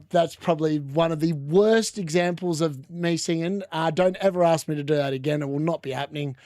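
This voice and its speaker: A man's voice: a little high, gravelly, dry recording, clean studio sound. A man with an Australian accent hosting a casual football watchalong stream, chatty, rambling and self-mocking. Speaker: livestream host. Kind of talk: casual match watchalong chat.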